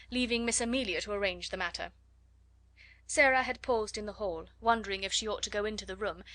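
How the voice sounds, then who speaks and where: Bright-voiced woman narrating a classic novel. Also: medium pitch, no room sound. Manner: measured storytelling. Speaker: audiobook narrator. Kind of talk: scripted audiobook narration.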